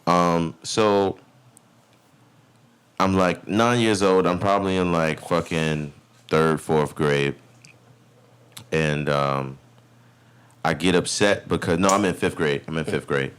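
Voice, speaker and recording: A man's voice: low-pitched, steady tone, slow, long pauses, a bit bright, clean tone. A man in his thirties from Brooklyn with a New York accent, telling a story in a loose, profane, slang-heavy way as a podcast host. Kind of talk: casual storytelling.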